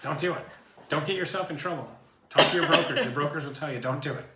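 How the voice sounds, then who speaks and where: A man's voice: on the high side, fast, roomy sound, heavy background noise. A man co-hosting a casual show, rambling through stories as a realtor. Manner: animated, rambling storyteller. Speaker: co-host, realtor. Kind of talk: casual chat.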